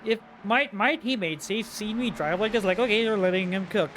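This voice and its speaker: A man co-commentating a sim race, excitable and amused. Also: high voice, fairly quick, slight background noise. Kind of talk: casual sim racing commentary.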